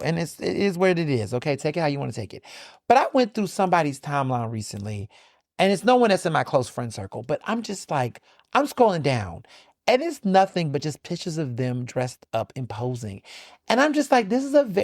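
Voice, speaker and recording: A male podcast host chatting casually and sassily on his own, swooping into high pitch for emphasis. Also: dry recording, clean studio sound. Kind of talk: casual solo chat.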